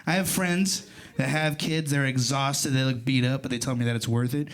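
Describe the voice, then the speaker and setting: A man in his thirties doing a stand-up comedy set in a club, telling stories in an animated way and jumping into loud voices for punchlines. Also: medium pitch, normal speed. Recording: live club recording with crowd laughter. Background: audience laughter.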